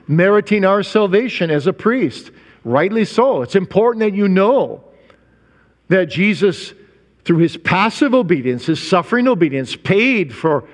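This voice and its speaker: High-voiced preacher in an echoing hall. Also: male voice. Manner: emphatic, rhetorical questions, drawn-out stressed words. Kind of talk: sermon. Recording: long hall reverb.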